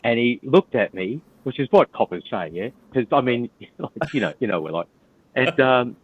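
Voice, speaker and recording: Speaking over a tinny, phone-like line, an older Australian retired police officer tells a war story as a podcast guest in a casual interview. His medium-pitched voice is very animated, with a breathy edge and normal speed, and his manner is blunt, profane, and laid-back.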